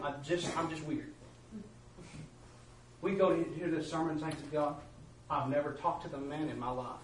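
A man preaching a testimony sermon and calling out to the congregation, switching between loud bursts and hushed asides. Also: sits high, reverberant, recorded from a distance, low-quality recording.

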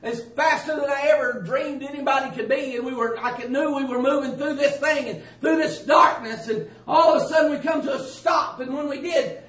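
High-voiced man giving a dramatic testimony. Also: fairly quick, few pauses, a bit bright. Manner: dramatic, cries out, repeats himself. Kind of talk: emotional dream testimony. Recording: echoey room, mic at a distance.

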